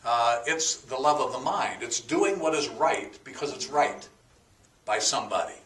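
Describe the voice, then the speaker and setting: A man's voice: mid-range voice, lively intonation, moderate pace, fairly bright tone, recorded from a distance. A man teaching a sermon, explaining words one by one in a folksy way with fillers and a joke. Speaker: pastor. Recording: echoey room, voice from off the mic.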